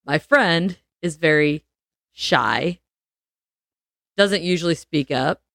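Brief: young woman podcast host, lowish voice, lively storyteller, dry close mic. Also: slow, vocal fry, dry recording. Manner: animated, laughs often, acts out quotes. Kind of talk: casual storytelling chat.

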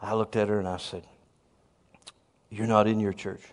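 A man preaching a sermon, telling a story and bursting into shouts of praise. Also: lowish voice, level tone, normal speed.

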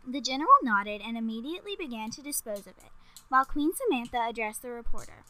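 A woman reading a children's story aloud in a lively, expressive way. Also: on the high side, fast, rough recording.

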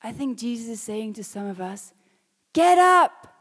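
A woman preaching a sermon, reading scripture and rising to loud, emphatic exhortations. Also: medium pitch, fairly even intonation, a little fast. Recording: long hall reverb.

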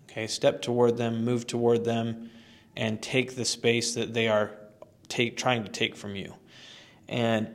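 A man who trains dogs, giving advice on a podcast in a conversational, emphatic way with fillers and restarts. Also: mid-range voice. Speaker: dog trainer. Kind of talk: instructional podcast talk.

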